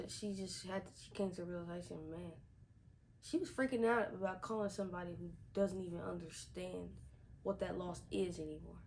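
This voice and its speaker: A woman's voice: on the low side, gravelly, darkish tone, slight background noise, poor audio. A woman reviewing a TV episode in a casual vlog, chatty, repeating herself with lots of fillers. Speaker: TV show reviewer.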